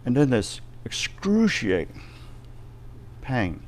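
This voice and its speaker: A man giving a personal testimony in a ministry live stream, telling his story vividly and acting out the shouts and reactions of the people in it. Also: medium pitch, wildly swooping pitch, slow.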